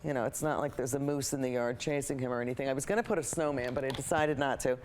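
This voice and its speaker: A woman's voice: extremely low pitch, fairly even intonation, quick pace, background noise. A middle-aged woman with a cold teaches a painting lesson in a rambling, talkative way, with self-mocking asides. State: has a cold. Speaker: painting instructor.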